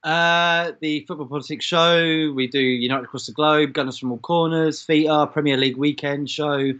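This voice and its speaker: A male guest chatting casually over a video call, relaxed and rattling off lists. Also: fairly high pitch, normal speed, clear, resonant tone, muffled recording. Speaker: guest from another channel. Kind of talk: casual chat.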